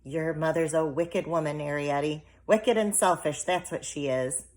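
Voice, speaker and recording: A woman's voice: sits low, normal speed, a little mellow, close to an everyday voice. A woman reading the part of an anxious, fussing little mother who frets and scolds in an audiobook. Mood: distraught. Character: fretful, anxious tiny mother, middle-aged.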